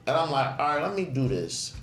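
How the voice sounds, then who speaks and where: A man's voice: on the high side, fairly quick, a crowd in the background. A man, a podcast guest who tells casual, profane stories and acts out what he said back then. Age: 20s. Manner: profane, animated, acts out his own past remarks. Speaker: podcast guest, clothing brand owner. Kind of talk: casual storytelling. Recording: roomy echo.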